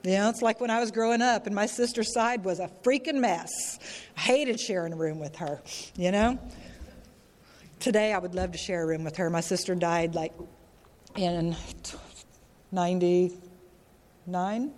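A woman's voice: on the low side, measured pace, pauses often, a little mellow. A middle-aged woman shares her story at a recovery meeting, talking candidly, swearing freely and checking in with "you know?" Her voice rings in a reverberant hall. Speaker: speaker sharing at a recovery meeting. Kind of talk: candid personal share, casual and profane.

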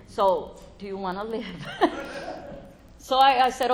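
In a meeting room with an audience, a middle-aged recovery meeting speaker shares a candid testimony full of laughter and free swearing. She talks unhurriedly in a slightly high voice, over faint crowd and background noise.

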